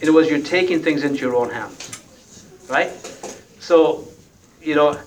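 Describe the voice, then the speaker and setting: Male preacher, folksy, conversational sermon, rhetorical tag questions, a bit high-pitched, heard from a little off-mic. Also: moderate pace, pauses often, recorded from a distance, a little hiss or hum, low-quality recording.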